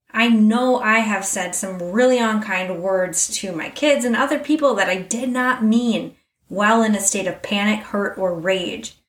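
A woman's voice: medium pitch, recorded from a distance. A middle-aged woman hosting a podcast, speaking candidly and reflectively straight to her listener. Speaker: podcast host. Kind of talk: personal reflective monologue. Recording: roomy echo, a little off mic.

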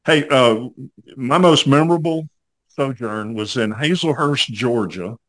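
A man's voice: mid-range voice, a little slow, a bit bright. An older man hosting a podcast, telling a story in a folksy, rambling way with many fillers. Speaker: podcast host. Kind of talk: casual storytelling interview.

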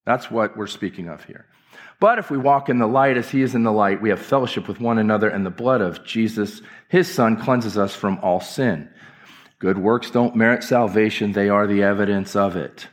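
A man's voice: on the low side, moderate pace. Impassioned male pastor preaching. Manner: impassioned, emphatic preaching with repetitions. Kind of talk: sermon. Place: church.

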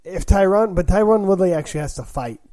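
A man with a fairly high but mellow, warm voice co-hosts a casual sports chat. He reacts quickly and reasons out loud through possible scenarios. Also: lively intonation. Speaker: podcast co-host.

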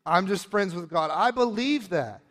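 High voiced guy preaching, telling his own story, super passionate, gets quiet then yells. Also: expressive, moderate pace. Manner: passionate, swings from hushed to shouting. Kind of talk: sermon with personal testimony.

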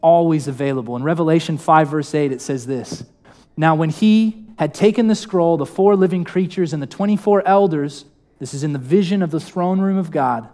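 A man's voice: on the high side, moderate pace, mellow. Young man preaching conversationally. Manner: conversational, asks the congregation questions. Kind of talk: sermon. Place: church hall.

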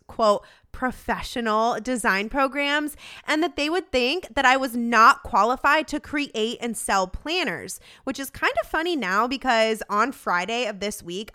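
A woman's voice: on the high side, pushed and bright, smooth. A young adult woman hosting a motivational podcast, speaking in a direct, upbeat coaching way to her listeners. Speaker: podcast host.

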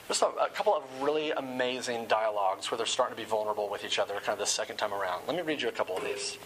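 A man's voice: on the low side, very fast, fairly bright tone, slight background noise, rough recording. A man preaching a sermon to a live audience in a room, earnest and conversational, with casual asides.

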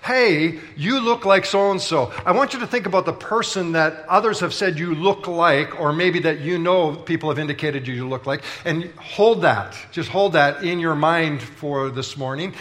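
A man's voice: a little high, moderate pace, few pauses, a bit bright. A man preaching a sermon as pastor, telling stories in a playful, conversational way and bantering with the congregation. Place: large church auditorium.

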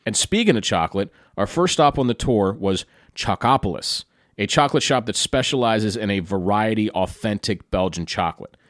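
A man from Pennsylvania, USA recaps a trip in chatty, enthusiastic narration, tossing in asides to the listener. His lowish voice is animated and moves at normal speed, captured in a dry, studio-quality recording.

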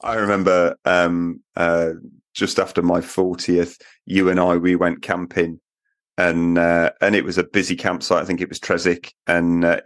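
A man's voice: low voice, fairly bright tone, dry recording, studio quality. A man, co-hosting a podcast and telling rambling, jokey stories over a remote call. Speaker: podcast co-host. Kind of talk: casual chat.

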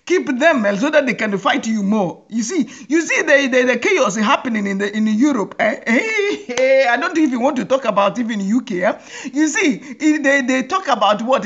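A woman's voice: fairly high pitch, highs cut off. A woman hosting a humorous monologue, often laughing and repeating phrases for comic effect in a mock-rallying address. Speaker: host.

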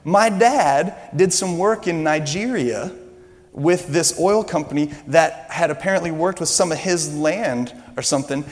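A man preaching a sermon as pastor, telling a story with animated energy that builds when excited. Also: on the high side, unhurried, long reverb tail.

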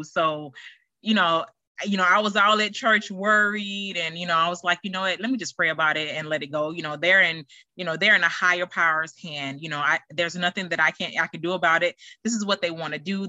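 A woman's voice: on the low side, bright, forceful tone, no room sound. A middle-aged woman hosting her own podcast, talking in a chatty, rambling way with lots of fillers and restarts. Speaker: podcast host. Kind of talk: casual solo podcast chat.

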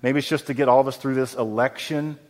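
A man preaching a sermon as pastor, telling a story with lively acted-out voices. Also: medium pitch, fast. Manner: animated storytelling, acts out quoted voices. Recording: long hall reverb.

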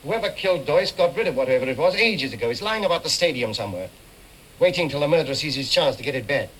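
A quirky, theatrical police inspector in 1930s film style. His voice is bright and a little high, and it swoops up and down in a clipped, fussy way. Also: animated, fast, slight background noise, rough recording. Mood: sly probing. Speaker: film actor.

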